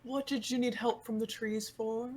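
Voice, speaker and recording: A woman voicing her tabletop character, a calm speaker for the frogs of the woods. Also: fairly high pitch, normal speed, natural voice. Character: calm wood-dwelling frog speaker.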